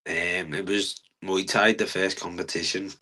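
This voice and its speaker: A young man, a fighter talking earnestly in a casual interview, halting often with fillers. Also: sits low, steady tone, bright, forceful tone. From England. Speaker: guest fighter.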